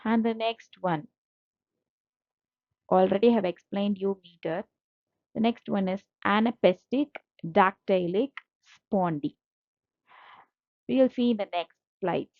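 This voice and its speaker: Woman teacher, slow and patient, dry lo-fi recording. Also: medium pitch, no room sound. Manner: repetitive, patient explaining with frequent fillers. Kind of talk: explaining slides in a lecture. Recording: dull lo-fi dry audio.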